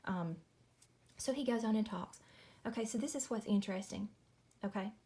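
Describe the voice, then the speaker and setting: A woman walks viewers through a Bible study in a relaxed home video. She talks in a chatty, apologetic way, peppering her explanations with y'all, at an ordinary middle pitch. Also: normal speed. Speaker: Christian video host. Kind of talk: casual Bible study walkthrough. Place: home at night.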